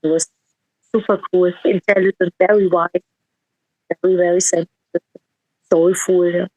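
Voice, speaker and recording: A woman's voice: fairly low pitch, flat delivery, moderate pace, dry recording, narrow, tinny audio. A woman musician in a casual interview, telling a heartfelt story with quoted dialogue and frequent restarts.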